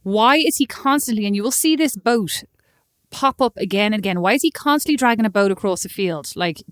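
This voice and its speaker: A woman's voice: medium pitch, animated, fairly bright tone, dry recording. Irish woman podcast co-host, teasing and wry, dry close mic. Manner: wry, quick-fire, teasing. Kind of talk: casual chat.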